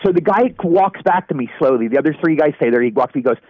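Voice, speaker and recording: A man in his sixties telling animated anecdotes as an actor in a casual interview, acting out the people he quotes. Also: on the high side, fast, few pauses, no room sound. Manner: animated anecdote teller, acts out quoted voices. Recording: dry, dull lo-fi audio.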